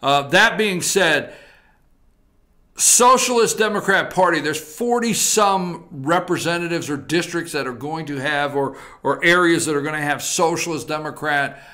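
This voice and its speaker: Guy hosting a talk show, kinda high bright voice, blunt and folksy, talks right at the viewers. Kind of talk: political opinion talk show. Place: TV studio.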